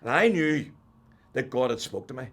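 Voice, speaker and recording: An older man with a Northern Irish accent, telling his personal faith testimony as an animated storyteller who drops to a hush and then rises loud. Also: medium pitch, moderate pace, slightly rough. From Northern Ireland. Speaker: testimony speaker.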